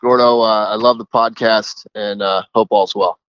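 A man's voice: fairly low pitch, fairly even intonation, moderate pace, smooth, no echo, muffled recording. A man who works as a caddie, telling a rambling story in a casual voicemail. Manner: chatty, rambling.

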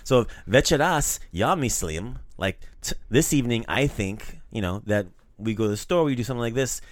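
A man hosting a casual language lesson, animated and playful, teasing his co-host and praising each repeat. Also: medium pitch, moderate pace, dry recording, studio quality.

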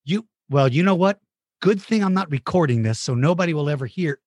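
A man's voice: fairly high pitch, lively intonation, brisk, a little mellow, dry recording, studio quality. A man hosting a playful chat with a child about dinosaur battles, goofy and teasing with mock outrage. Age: adult. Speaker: host interviewing a child.

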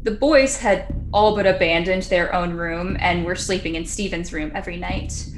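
A woman's voice: fairly low pitch, normal speed, a little hiss or hum. A woman casually telling a ghost story on a podcast, chatty and laughing now and then. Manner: chatty, laughs often, acts out quotes.

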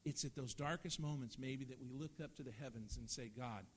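A middle-aged male pastor preaching a sermon in a church, earnest, swinging from loud emphasis down to hushed, soft lines. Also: mid-range voice, fairly quick, a little hiss or hum.

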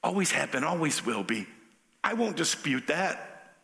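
A man's voice: on the high side, big pitch swings, unhurried, gravelly, fairly bright tone, exaggerated voice. A man voicing a male devil who coaxes and tempts with a wheedling, persuasive manner. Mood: coaxing.

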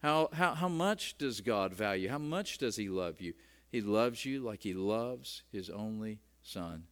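A man's voice: on the low side, lively intonation, measured pace, clear, resonant tone. A middle-aged man preaching a sermon in a conversational way, often repeating words as he starts a phrase. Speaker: pastor.

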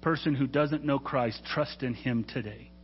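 A man's voice: medium pitch, unhurried, slight background noise. A man preaching a sermon as pastor, earnest and urging, who sometimes stumbles and corrects himself. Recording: dull sound with long hall reverb.

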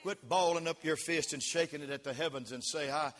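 A man preaching a sermon as pastor, leading the congregation in call-and-response and rising to shouts. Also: on the high side, a little fast. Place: church sanctuary. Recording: long reverb of a church hall.

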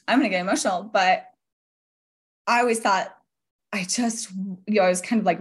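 A woman in her forties speaks as a podcast guest in an earnest, reflective way. She laughs easily and talks in a loose, conversational flow. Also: lowish voice. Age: 40s. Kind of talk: casual interview talk.

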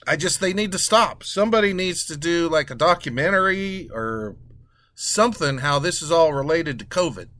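A man hosting a casual talk show, ranting in a crude, sarcastic, animated way. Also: a little high, normal speed, no room sound. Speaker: podcast host.

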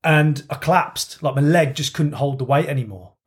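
A man's voice: a little high, normal speed. A man telling a long, rambling story in casual podcast banter, swearing freely.

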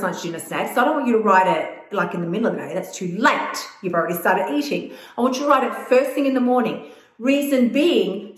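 A woman coaching viewers on weight loss in blunt, emphatic, casual talk that swears freely. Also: on the high side. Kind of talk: casual direct-to-camera advice. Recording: echoey room.

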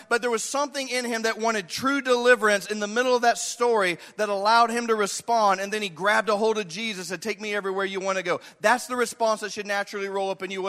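High, bright-voiced male preacher in a hall. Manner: dramatic, acts out voices of Bible figures and the listeners. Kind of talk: sermon. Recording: echoey hall.

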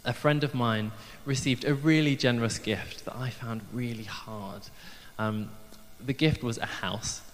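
A man's voice: mid-range voice, steady tone, measured pace, few pauses. A man giving a light-hearted church sermon, chatty and self-deprecating, with frequent ums. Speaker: preacher. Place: church hall. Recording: long hall reverb.

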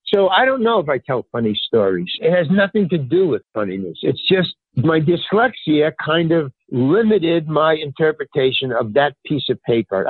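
An older man, a stand-up comedian, spins anecdotes in a lively, swooping delivery with a husky edge. He slips into other people's voices as he tells them. The sound is dry and thin, like a phone line. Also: a little high, dry recording. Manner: animated, acts out other people's lines in raised voices. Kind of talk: casual anecdotal storytelling in an interview.

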